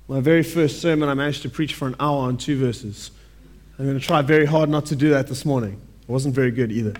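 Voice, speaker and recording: A man preaching a sermon in a conversational way, often checking in with "right?" and slowing down to stress scripture lines. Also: mid-range voice.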